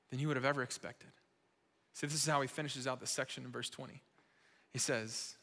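Bright-voiced man preaching in a reverberant hall. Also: mid-range voice, moderate pace. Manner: impassioned, repetitive preaching that drops to hushed intimate tones. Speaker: pastor speaking to young adults. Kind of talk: sermon. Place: church auditorium. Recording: long reverb of a large hall.

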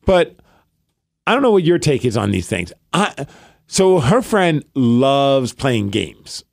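Animated man telling a story, dry sound. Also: mid-range voice, slow pace, gravelly, dry recording. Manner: animated storyteller, acts out quotes in hushed voices. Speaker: podcast co-host. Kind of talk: casual chat, storytelling.

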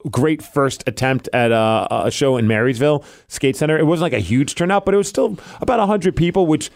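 A man, a podcast host telling a story in a casual chat, animated and acting out quotes. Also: on the high side, fairly quick, gravelly, dry recording, studio quality. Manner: animated, acts out quotes in funny voices. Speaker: podcast host, part-time wrestler.

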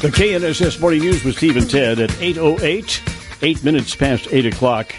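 Radio morning host over a music bed. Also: male voice, on the high side, expressive, moderate pace. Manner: conversational, with small fillers. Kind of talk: radio news anchoring.

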